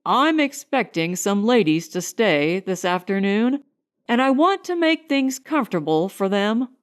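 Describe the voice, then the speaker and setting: A woman reading an audiobook voices a genial young gentleman with an easygoing, hearty manner. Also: mid-range voice, sing-song, unhurried.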